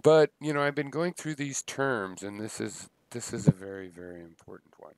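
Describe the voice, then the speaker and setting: A man thinking aloud in a halting, unscripted philosophical monologue, full of pauses and restarts. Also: mid-range voice, fairly even intonation, darkish tone, no echo. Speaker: video blogger musing on philosophy.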